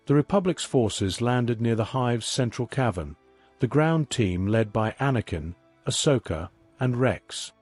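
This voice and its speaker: A man giving a scripted story narration in a measured, even reading. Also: medium pitch, husky, no echo, faint music behind.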